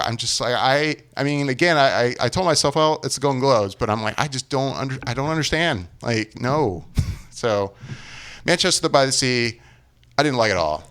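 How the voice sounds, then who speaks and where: Smooth-voiced man reviewing films candidly. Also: fairly low pitch, fairly bright tone. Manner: candid, self-deprecating, quotes his own thoughts. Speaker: podcast co-host. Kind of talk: casual film review chat.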